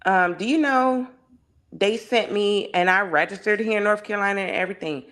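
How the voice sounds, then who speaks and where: A woman's voice: medium pitch, brisk, a bit bright. A woman as a guest in a casual discussion, speaking with passion and piling up rhetorical questions. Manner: impassioned, heavy on rhetorical questions.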